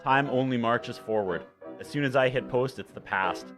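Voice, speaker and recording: A man's voice: mid-range voice, moderate pace, fairly bright tone, soft background music. A man who is an author and a regular on a podcast, joking dryly and self-deprecatingly in casual chat.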